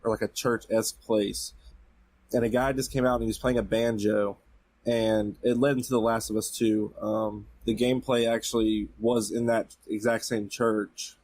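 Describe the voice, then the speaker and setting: A man co-hosting a casual podcast, recapping events in a relaxed way with frequent fillers. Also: on the low side, normal speed. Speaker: podcast co-host. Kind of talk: casual chat.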